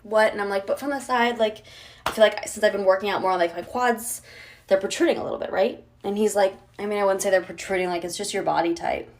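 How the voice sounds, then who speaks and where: A woman telling a casual storytime vlog, acting out each line of a conversation with rising exasperation. Her voice sits at an ordinary middle pitch. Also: fairly even intonation, fast talker. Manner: dramatic, exasperated, acts out quotes. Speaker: storytime creator.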